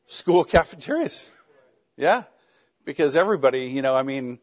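A man's voice: medium pitch, lively intonation, normal speed, long pauses. Wry man lecturing a class, lo-fi. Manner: conversational, wry and joking. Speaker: teacher. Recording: dull lo-fi classroom recording.

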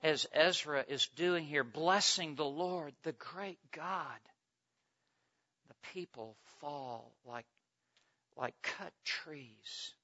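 A man preaching an expository sermon with an emphatic, repetitive cadence, swinging from hushed lines to loud ones. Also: medium pitch. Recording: dull lo-fi recording.

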